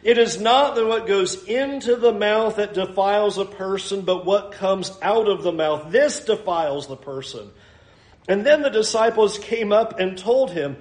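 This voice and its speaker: A man preaching a sermon in an animated way, acting out the voices of the people he quotes. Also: high voice, measured pace. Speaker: pastor. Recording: echoey room.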